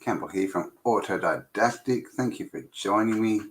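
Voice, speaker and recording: A man hosting a casual live stream chat, greeting viewers by name in a relaxed, chatty way. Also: lowish voice, moderate pace, low-quality recording. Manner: relaxed and chatty, reads out viewer names, with fillers.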